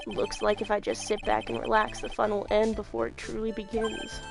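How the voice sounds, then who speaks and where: A cool, smug male prosecutor , as a woman puts him on, speaking low, slow and soft with quiet mockery. He sounds calm and amused at every turn of a courtroom game. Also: gravelly, music in the background, lightly acted.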